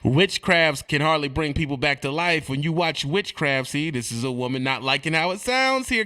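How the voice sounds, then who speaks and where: Animated man ranting comedically. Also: on the high side, moderate pace, hardly any pauses. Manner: animated, repetitive, swings between loud and quiet. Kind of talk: streetwise comedic rant.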